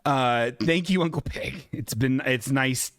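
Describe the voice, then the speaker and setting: A man's voice: medium pitch, measured pace, fairly bright tone, dry recording, clean studio sound. A man hosting a comedic live-stream show who talks in a rambling, flustered, jokey way. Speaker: host.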